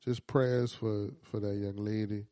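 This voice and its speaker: A man's voice: lowish voice, little pitch movement, mellow, no echo, clean studio sound. A man with a New Orleans accent, co-hosting a podcast, chatting casually in an earnest, agreeable way. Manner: agreeable, backs up the other host, slow and earnest. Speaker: podcast co-host. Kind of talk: casual chat.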